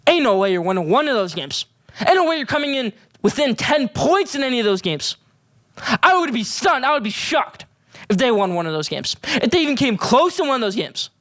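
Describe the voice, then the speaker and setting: A man's voice: very high voice, a bit bright, no echo. A young man hosting a solo sports show, giving emphatic, opinionated hot takes and rankings. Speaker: sports podcast host.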